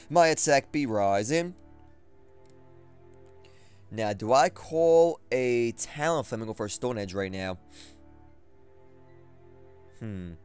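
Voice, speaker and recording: A young man giving live commentary on his own online game battle, excitable and trash-talking, repeating phrases as he plays. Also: mid-range voice, clear, resonant tone, no echo. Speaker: gaming commentator.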